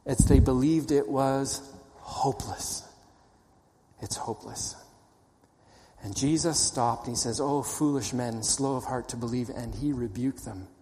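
A male pastor preaching a sermon, swinging from loud animated storytelling to hushed, low emphasis. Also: normal speed, hardly any pauses, long reverb tail.

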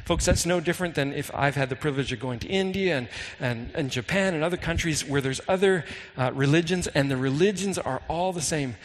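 Earnest male pastor in a reverberant hall. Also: mid-range voice. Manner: earnest, reads scripture slowly and dramatically. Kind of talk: sermon.

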